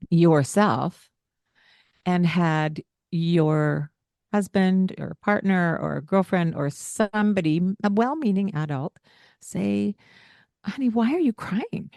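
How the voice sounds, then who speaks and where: Woman podcast co-host, unhurried and earnest, low voice, dry close mic. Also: creaky, a little mellow, no room sound. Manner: earnest, explanatory, with frequent light laughs. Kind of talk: casual podcast chat.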